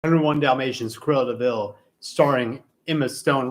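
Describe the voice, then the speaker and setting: A young man co-hosting a casual film podcast, talking fast and excitably with lots of swearing. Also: mid-range voice. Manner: excitable, heavy swearing, animated rants. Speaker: podcast co-host.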